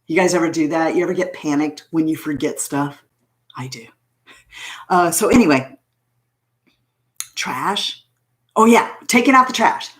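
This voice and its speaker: A woman's voice: low-pitched, measured pace, pauses often. A woman host chatting casually on a livestream, telling a rambling story, laughing often and answering viewer comments as she loses her train of thought. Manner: chuckles often while talking. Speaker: beauty channel host.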